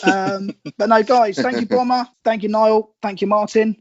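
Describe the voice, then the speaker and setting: A man's voice: sits high, steady tone, normal speed, dry recording, lo-fi sound. A man hosting a casual fan podcast, talking loosely with many fillers and easy laughs as he moves the show along. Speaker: podcast host.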